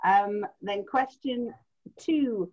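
A woman's voice: medium pitch, extremely slow. A woman hosting a quiz night on a video call, reading out answers in a chatty way and laughing easily. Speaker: quiz host. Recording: muffled lo-fi video call audio.

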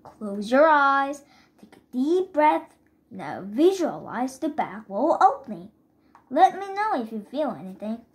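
Woman reading a distracted dad, slowish, a bit high. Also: big pitch swings. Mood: exasperated. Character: flustered middle-aged father, hurried and distracted.

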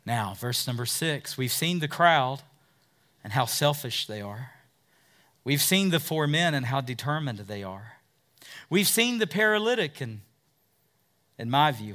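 A man preaching a sermon as pastor, emphatic, with big swings in loudness and pace. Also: medium pitch.

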